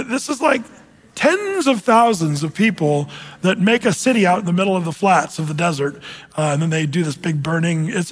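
A man preaching a sermon as a pastor, speaking conversationally with fillers and closing in prayer. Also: sits high. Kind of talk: sermon with prophecy update.

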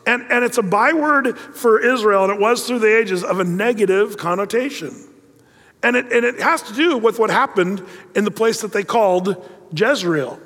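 A middle-aged male pastor delivers his sermon like a casual storyteller, sliding wry jokes into the scripture. His voice sits fairly high for a man. The sound rings with the long reverb of a sanctuary. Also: normal speed, fairly bright tone. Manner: conversational storytelling with joking asides.

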